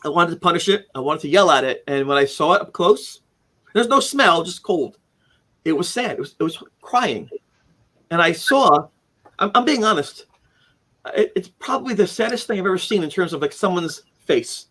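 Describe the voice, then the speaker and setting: As a guest in an interview, this man recounts something that happened to him at a moderate pace in a high-pitched voice. He's an animated storyteller who performs quoted lines with abrupt leaps in his voice and keeps restarting his sentences.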